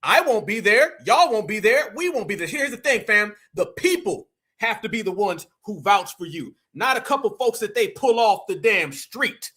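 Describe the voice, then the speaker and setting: A man hosting a live commentary show, mocking clips in animated slang. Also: sits high, normal speed, slightly rough. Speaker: host.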